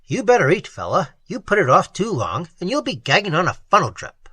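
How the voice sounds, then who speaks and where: A sly, uncanny gardener who coaxes his guests in a chummy, folksy drawl, as a storyteller puts him on. The delivery swings widely in pitch and sounds dry and close. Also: huge pitch swings, a little fast, a bit bright, breathy edge, no echo, heavily acted. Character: eerie otherworldly male gardener.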